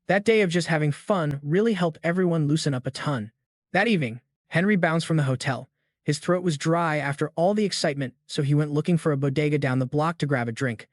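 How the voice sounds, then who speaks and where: A man tells a comic recap story in loose, slangy narration. His voice sits a little high for a man, and the sound is dry and close. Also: dry recording. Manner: slangy, casual.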